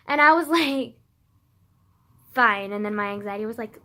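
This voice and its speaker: A teenage girl telling a story in a casual rant, peppered with "like" and swearing, dropping to low mutters and then flaring up loud. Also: brisk. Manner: swearing, frequent "like" fillers, swings from low mutters to loud outbursts. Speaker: vlogger.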